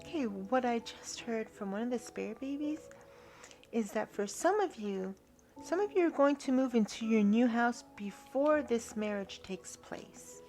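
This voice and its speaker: A woman giving a spiritual tarot reading in a soft, earnest way, now and then dropping to a hushed whisper. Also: fairly high pitch, animated, measured pace, over music. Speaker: tarot reader.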